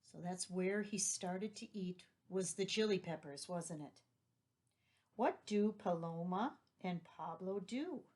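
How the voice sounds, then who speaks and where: A woman's voice: lowish voice, takes it slowly, a little mellow. A woman teacher reading a children's story aloud and patiently explaining vocabulary and asking questions. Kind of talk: read-aloud vocabulary lesson.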